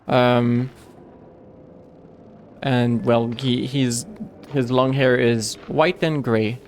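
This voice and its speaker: A man's voice: medium pitch, fairly even intonation, slight background noise. A man streaming a game live, chatting casually and rambling with many restarts and fillers. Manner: rambling, halting with frequent restarts.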